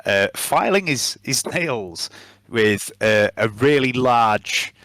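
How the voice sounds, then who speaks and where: A man's voice: medium pitch, animated, takes it slowly, fairly bright tone, dry recording. A man narrating casually as game master, with plenty of fillers.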